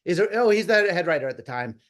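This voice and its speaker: A man in his fifties, a comedy writer guest, telling animated, rambling stories with lots of restarts and quoted asides. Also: high-pitched, fast. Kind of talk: casual storytelling interview.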